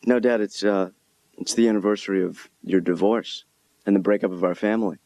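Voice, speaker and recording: A man voicing a dry, awkward young adult son who talks in a halting deadpan. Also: lowish voice, gravelly, dry recording. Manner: hesitant, halting deadpan delivery. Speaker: therapist's son.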